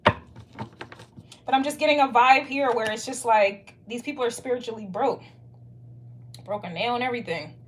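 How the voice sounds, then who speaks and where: A woman's voice: on the high side, unhurried, pauses often, a little hiss or hum. A young woman doing a casual tarot reading, blunt, emphatic and profane. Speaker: tarot reader.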